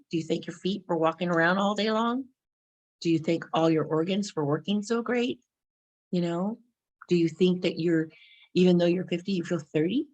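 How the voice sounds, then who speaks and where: A middle-aged woman from California, a self-help speaker telling a personal story in a casual, animated way and acting out the people she quotes. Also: mid-range voice. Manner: animated, acts out quotes, frequent laughs.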